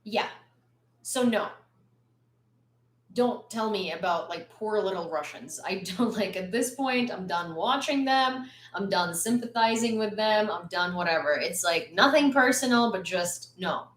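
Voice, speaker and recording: A woman's voice: mid-range voice, animated, unhurried, reverberant. A woman from Ukraine delivering a blunt, angry, sarcastic opinion rant to her followers. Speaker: vlogger.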